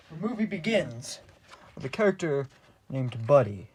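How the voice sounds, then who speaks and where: A man's voice: fairly high pitch, sing-song, normal speed, a little mellow, breathy edge, rough recording. Rambling man recapping a movie. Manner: rambling, restarts often, fillers like "like" and "and then". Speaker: narrator of a movie spoof.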